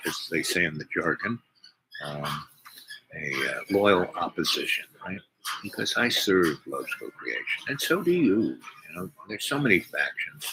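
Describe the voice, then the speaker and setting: An older man telling a rambling personal story, meandering through restarts and asides. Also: a bass voice. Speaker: speaker. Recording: noisy recording with clicks.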